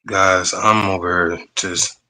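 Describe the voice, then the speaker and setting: Flustered by tech problems, a man hosting a live-streamed podcast keeps apologizing and tripping over his words in relaxed slang. His low, sharp voice holds a steady tone at a slow pace, and the streaming mic recording is low in quality.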